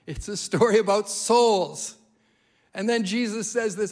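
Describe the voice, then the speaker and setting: A man preaching a sermon as a guest speaker, telling stories in an animated way and repeating key phrases for emphasis. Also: sits high, slow, pauses often. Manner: animated storytelling, emphatic repetition.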